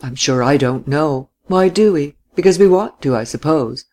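A man reading a story and voicing a lively young widow who teases and laughs in high, distinct tones. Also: normal speed, natural voice. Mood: teasing. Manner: bright, high, mocking tone.

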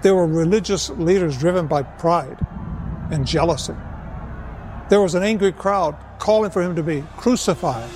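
Male preacher, high voice, earnest and measured, long reverb on the voice. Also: a little mellow, a little hiss or hum. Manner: earnest, measured, slows for emphasis. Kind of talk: evangelistic sermon.

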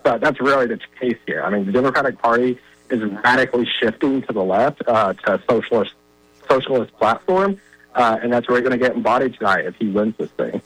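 A man talks politics in an easy, emphatic way, leaning on plenty of "uh"s as he makes his points. His voice is bright and forward, and the recording is dry and close, with no room sound. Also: mid-range voice, fairly quick, no room sound, low-quality recording. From Virginia. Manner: conversational, filler-heavy, emphatic. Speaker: guest commentator on a phone-in line. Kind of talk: political commentary.

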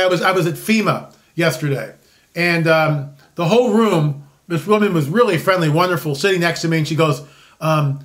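A man's voice: sits high, fairly bright tone. A man in his sixties hosting a commentary show, talking in a conversational, opinionated monologue with self-interruptions and mocking asides. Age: 60s.

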